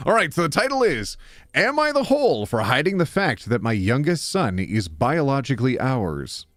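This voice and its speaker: A man live-streaming, reading online posts aloud and chatting with his viewers, reacting to chat with sudden loud jumps. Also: mid-range voice, very animated, normal speed, no echo.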